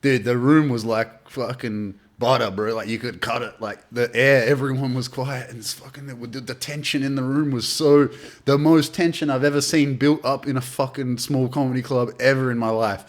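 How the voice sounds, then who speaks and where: An Australian man in casual podcast chat, telling animated anecdotes and swearing freely. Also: medium pitch, moderate pace. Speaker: podcast guest, artist.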